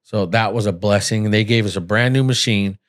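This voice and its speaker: A man's voice: lowish voice, fairly quick. Earnest, blunt man telling a personal story. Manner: candid, earnest, blunt and emotional. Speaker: podcast host.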